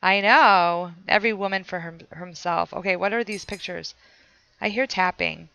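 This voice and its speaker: A woman's voice: on the low side, normal speed, vocal fry, sharp tone, dull audio. A woman streamer playing a horror game, chatting with her viewers and reading the notes she finds aloud. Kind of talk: casual let's play commentary.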